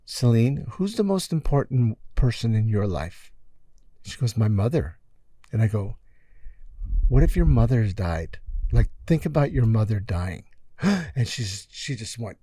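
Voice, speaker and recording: A middle-aged man with a mellow, relaxed voice tells stories in a casual interview. He acts out what people said and pads his talk with fillers. The sound is dry and close. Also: mid-range voice, a little slow, no room sound. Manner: animated storyteller acting out quotes, many fillers. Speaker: music producer guest.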